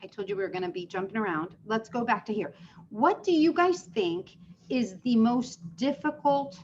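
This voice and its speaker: Woman, sales trainer, higher voice, chatty, asks the room questions, dull lo-fi sound. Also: normal speed, a little hiss or hum. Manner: chatty, explains with questions to the group. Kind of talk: live training session.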